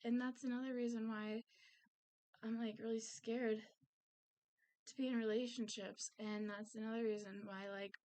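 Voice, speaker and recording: A woman's voice: a little high, level tone, moderate pace, pauses often, a little mellow. A woman talking candidly in a personal vlog, earnest and confiding, often trailing off with fillers. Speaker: vlogger. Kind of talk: personal vlog, candid talk about mental health.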